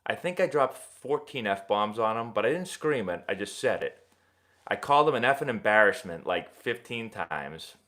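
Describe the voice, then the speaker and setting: A young man hosting a casual live stream, answering viewer questions in a rambling, animated sports-fan way. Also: lowish voice, moderate pace. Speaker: host of a live baseball Q&A stream.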